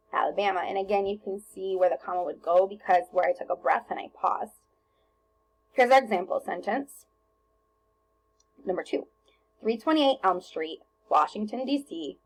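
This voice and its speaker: A woman teacher talking students through a recorded grammar lesson on slides, relaxed and chatty with lots of ums and self-corrections. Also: mid-range voice, breathy edge, low-quality recording.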